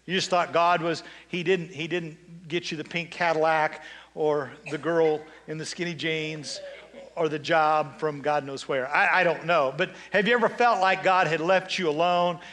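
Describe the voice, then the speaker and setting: A male pastor preaching a sermon, reading scripture slowly, leading call-and-response and dropping in joking conversational asides. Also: on the high side, fairly even intonation, a bit bright.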